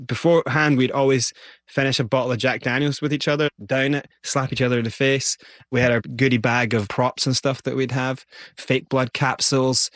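Scottish guy, lively storyteller, mid pitch, dry close sound. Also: a little fast, no echo. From Scotland. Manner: animated, vivid storyteller. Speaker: guest. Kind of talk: storytelling interview.

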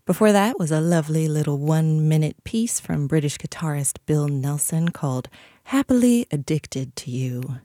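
A woman radio DJ back-announcing a music set in a relaxed, easy way, with soft breathy asides, on a studio mic. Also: low voice, normal speed, dry recording. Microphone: studio broadcast mic.

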